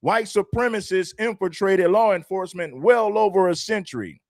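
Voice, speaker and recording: A man's voice: sits high, moderate pace, a little mellow, no echo, clean studio sound. A man hosting a livestream, talking emphatically and repeating his points like a preacher. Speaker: livestream host. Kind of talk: commentary livestream.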